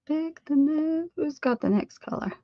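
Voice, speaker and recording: Woman host, casual crafting chat, a bit high-pitched, mutters to herself as she works. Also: lively intonation, measured pace. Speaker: art livestream host. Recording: dull lo-fi audio with faint noise.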